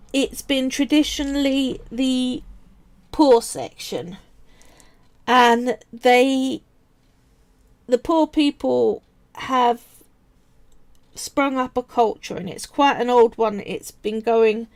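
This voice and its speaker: Chatty Cockney woman, slow and high. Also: darkish tone. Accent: Cockney, East London. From England. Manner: chatty, wanders off on tangents, answers chat. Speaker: polymer clay artist streaming live. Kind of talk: casual live-stream chat while sculpting.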